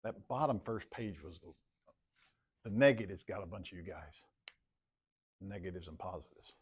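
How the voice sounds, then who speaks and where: A man's voice: sits low, lively intonation, moderate pace, slightly rough. A man teaching a math class in a classroom, casual and joking, often repeating himself.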